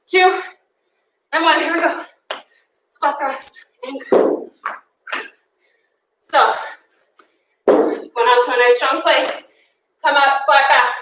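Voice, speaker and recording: Slow and pausing often, a young woman with a high voice leads interval training while out of breath. She keeps things upbeat, counting down and cheering people on. The background is noisy, the room echoey, and the mic far away.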